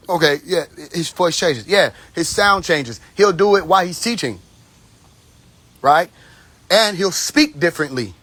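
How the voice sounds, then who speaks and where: A man's voice: fairly high pitch, fairly bright tone. A man hosting a casual livestream on his phone, talking bluntly and profanely in a long, rambling, tipsy monologue. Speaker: live stream host. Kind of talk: casual live stream monologue.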